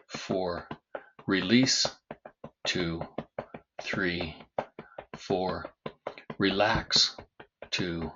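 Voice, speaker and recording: A fairly low-pitched man with a husky voice talks as a trauma coach, leading a breathing exercise in calm, slow counts. He explains his coaching work in the same measured way. The recording sounds a little dull and lo-fi.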